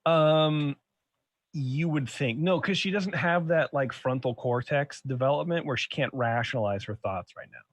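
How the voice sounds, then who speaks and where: A young adult man hosts a podcast, telling stories in casual chat that rambles, swears, and keeps restarting. His voice is fairly high, his pace moderate, and there's no echo.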